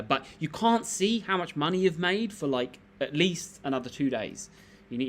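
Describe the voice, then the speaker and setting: A man's voice: medium pitch, sharp tone. Laid-back man chatting casually. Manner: rambling, laid-back, lots of fillers and restarts. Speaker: live-stream host. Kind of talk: casual live-stream chat, reading comments.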